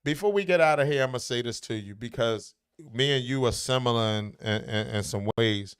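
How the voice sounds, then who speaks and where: A man's voice: medium pitch, brisk, clear, resonant tone. A man talking casually, blunt and profane, with emphatic, brash delivery. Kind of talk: casual chat.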